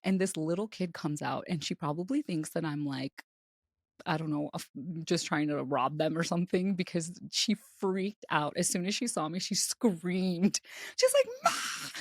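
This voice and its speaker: A woman's voice: on the low side, normal speed, no echo, studio quality. A woman co-hosting a podcast, telling stories animatedly and laughing often. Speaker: podcast co-host. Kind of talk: casual chat.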